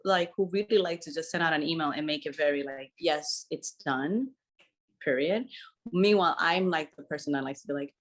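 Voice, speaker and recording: Low-voiced woman chatting candidly. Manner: candid, animated, laughs easily. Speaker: podcast co-host. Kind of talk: casual conversation.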